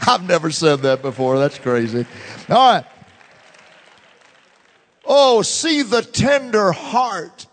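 A fervent man preaching a sermon in a church, swinging from loud declarations to hushed murmurs. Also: high-pitched, drawn-out words, long pauses, some chatter behind. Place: church sanctuary. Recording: long church reverb.

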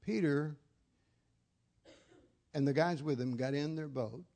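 An older man preaching a fervent sermon as an evangelist, repeating phrases and building to shouts. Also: on the high side, slow.

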